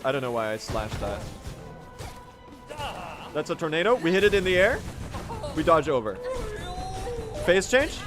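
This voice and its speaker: A young man from Sweden, a native Swedish speaker, giving excitable live commentary to his chat as he streams a speedrun, swearing and reacting as he plays. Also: a little high.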